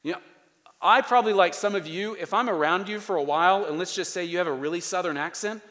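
A pastor with a fairly high, fairly bright voice preaches fast in a church sanctuary, conversational yet emphatic, piling up short repeated phrases for stress. The long reverb of a large hall carries his words.

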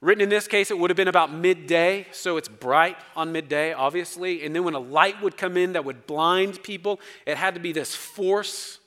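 Male pastor, slightly high voice, emphatic sermon delivery, long church reverb. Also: normal speed, few pauses. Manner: emphatic, dramatic swings in loudness. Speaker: preacher. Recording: long reverb of a large hall.

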